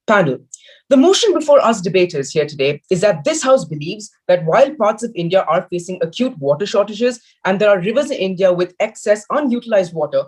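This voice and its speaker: A man's voice: husky, poor audio. A teenage boy giving an emphatic, argumentative school debate speech against a motion over a video call. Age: teens. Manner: emphatic, argumentative, lively pitch. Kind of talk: formal competitive debate speech.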